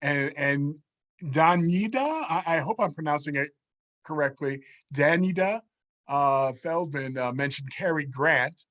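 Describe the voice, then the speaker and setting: A man's voice: fairly high pitch, unhurried, a bit bright. A man moderating an online workshop, politely and hesitantly reading questions from the chat with many fillers. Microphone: video call.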